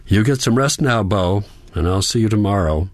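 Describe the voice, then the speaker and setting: A man reading the part of a brisk, kindly female caregiver in an audiobook, speaking in a matter-of-fact way. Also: lowish voice, animated, no room sound, lightly acted. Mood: firm.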